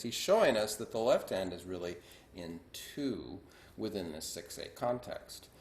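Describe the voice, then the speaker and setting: A man's voice: fairly low pitch, lively intonation, unhurried. Man, piano teacher, counts beats aloud, quizzes students, echoey room, piano playing. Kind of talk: online music lesson.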